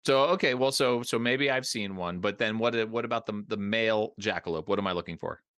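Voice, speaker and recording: A man's voice: lowish voice, fairly quick, a bit bright, clear, resonant tone, no room sound, studio quality. A man hosting a casual podcast interview, joking around and often repeating words as he talks. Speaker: podcast host.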